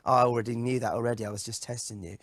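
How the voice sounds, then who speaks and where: A man's voice: racing, no echo, studio quality, lightly acted. An actor playing a dim, boastful male pop singer who puts on a fake cockney manner in a comedy sketch interview. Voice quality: lively, sing-song pitch swings.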